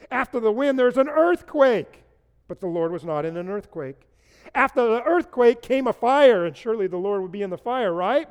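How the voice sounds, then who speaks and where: High-voiced preacher man in a reverberant space. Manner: earnest, asks the listeners rhetorical questions and repeats key phrases. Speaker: pastor. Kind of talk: sermon to an online congregation. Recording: long reverb.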